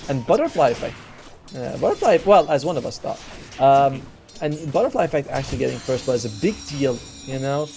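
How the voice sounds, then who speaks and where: A man giving casual color commentary and analysis on an esports match. He talks in a chatty way, thinking out loud with fillers and quick exclamations. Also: mid-range voice, sing-song, creaky, soft background music.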